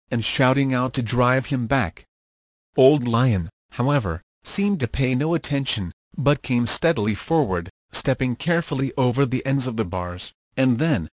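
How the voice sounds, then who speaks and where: A man's voice: mid-range voice, no room sound. Man narrating a storybook, dry sound. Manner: steady, measured reading. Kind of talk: audiobook narration of a children's story.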